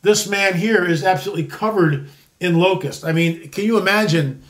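Man in his sixties, high voice, rambling opinionated commentary, stops and restarts often. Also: moderate pace, fairly bright tone. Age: 60s. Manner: rambling, with frequent restarts and repeated words; emphatic, disclaiming. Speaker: commentary show host.

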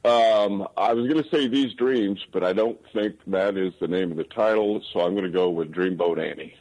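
A man calling in to a radio show, pausing often with fillers as he picks his songs. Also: sits low, darkish tone, rough recording. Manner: hesitant, many fillers. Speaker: caller. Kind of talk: call-in chat.

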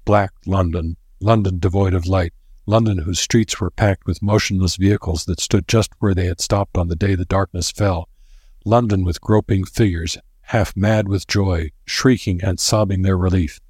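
A man narrating a novel in a measured, dramatic storytelling manner. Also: low-pitched, fairly even intonation, darkish tone, slightly rough, dry recording, studio quality. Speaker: audiobook narrator.

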